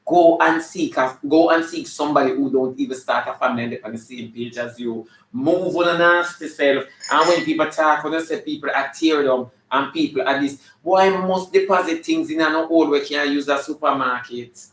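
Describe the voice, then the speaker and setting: A high-pitched Jamaican man riffs through live comedy banter, sassy and flamboyant, scolding his audience like a preacher. His voice rings around an echoey room. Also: moderate pace, hardly any pauses, fairly bright tone. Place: live show venue.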